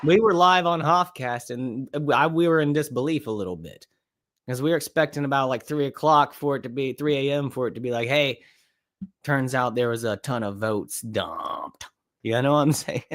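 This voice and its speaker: A man hosts a casual live podcast stream, reacting to clips at an ordinary, mid-range pitch. He talks in a laid-back, rambling way and thinks aloud as he goes. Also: a little fast, fairly bright tone. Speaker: livestream podcast host.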